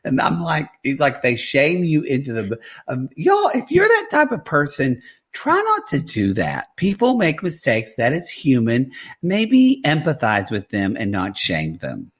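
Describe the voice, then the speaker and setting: A man co-hosting a podcast from home at night, chatty and animated as he retells a reality show. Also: a little high, measured pace, slightly rough. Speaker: podcast co-host. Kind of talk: casual chat.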